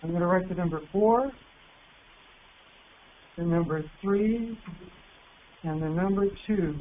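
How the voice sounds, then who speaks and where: A man presenting an online teacher workshop, patient and encouraging, reading words out slowly. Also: sits high. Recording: tinny phone-like line with faint hiss.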